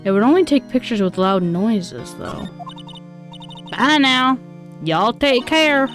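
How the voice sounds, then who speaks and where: A woman's voice: fairly high pitch, animated, slow pace, fairly bright tone, faint music behind. A woman doing a folksy southern gal with a drawl. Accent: put-on American Southern. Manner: folksy drawl, self-admittedly shaky. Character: cheerful southern woman photographer, friendly.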